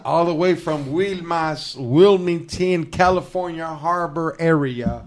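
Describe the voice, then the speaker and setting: A male podcast host with a slightly high-pitched voice, talking in a loose, slangy way and swearing often. He jokes with his guests in a studio and now and then bursts into loud, hyped announcer shout-outs. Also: slow pace. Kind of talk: casual podcast chat.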